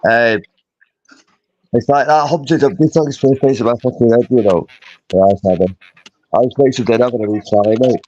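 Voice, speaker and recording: A man's voice: mid-range voice, a little fast, pauses often, mellow. A man in a casual voice chat, rambling, slangy and swearing a lot. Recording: dull garbled online call audio.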